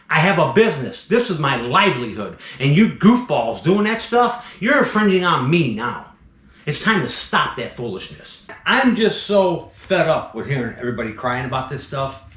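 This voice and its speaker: A man's voice: medium pitch, a bit bright, reverberant. A man who breeds venomous snakes, ranting bluntly in a vlog, fired up and repeating himself. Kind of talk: impassioned vlog rant.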